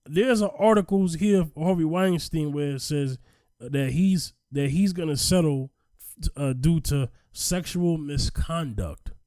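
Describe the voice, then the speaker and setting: A man hosting a casual podcast discussion, animated and emphatic, often repeating himself for effect. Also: a little high, measured pace, dry recording, clean studio sound. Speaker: podcast host.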